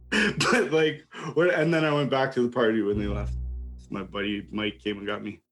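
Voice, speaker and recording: A man's voice: mid-range voice, expressive, moderate pace, gravelly, soft background music. A young man telling a wild story in casual chat, swearing, laughing and acting out what people said. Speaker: podcast host telling a story.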